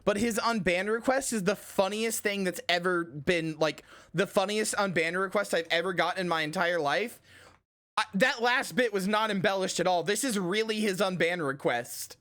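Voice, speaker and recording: A woman streamer telling a story in casual stream chat, animated and rambling, and swearing casually. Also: mid-range voice, moderate pace.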